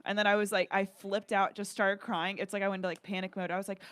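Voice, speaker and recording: A young woman co-hosting a comedy podcast tells a story in casual chat. She is animated and swears freely. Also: medium pitch, racing, hardly any pauses, clear, resonant tone. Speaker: podcast co-host.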